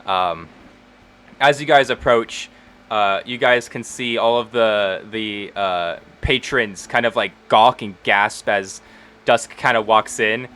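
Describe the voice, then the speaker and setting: A man's voice: lowish voice, slow, sharp tone, clear, resonant tone. A man narrating as game master in a tabletop role-play, casual and loose with many fillers. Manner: casual, with many ums and likes.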